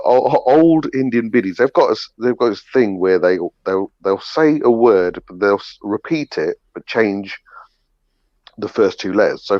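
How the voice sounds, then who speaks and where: A man's voice: on the low side, darkish tone, dry recording. A man telling a funny story in casual chat, stumbling and restarting as he goes. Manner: halting, restarts, stumbles over words. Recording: dry, slightly muffled lo-fi audio.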